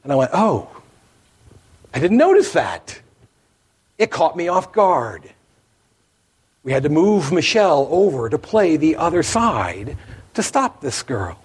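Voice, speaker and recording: A man preaching a sermon, telling the story with animated emphasis, his voice rising as he drives points home. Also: on the high side, unhurried, slightly rough. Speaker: pastor.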